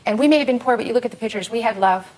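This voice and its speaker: A middle-aged woman speaking forcefully and defiantly as a talk show guest in a TV studio. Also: on the high side, racing. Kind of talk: emotional talk show testimony.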